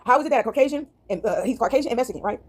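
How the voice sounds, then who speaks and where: A woman ranting casually to her viewers from home into a phone, animated and rambling, tagging on "right?" and "y'all" constantly. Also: a little high, very fast. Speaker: vlogger. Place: at home, indoors.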